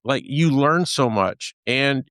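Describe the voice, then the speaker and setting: A man's voice: mid-range voice, animated, slow, fairly bright tone, no room sound, clean studio sound. Rambling man hosting a podcast. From Texas. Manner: rambling, many fillers and restarts. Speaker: podcast host. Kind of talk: casual chat.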